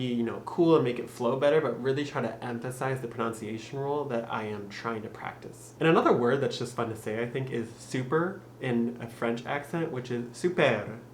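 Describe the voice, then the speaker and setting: Young man, casual upbeat tutor, laughs easily; echoey room, faint noise. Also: mid-range voice. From Michigan. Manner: upbeat, laughs often, slows for drilled phrases. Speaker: YouTube tutor.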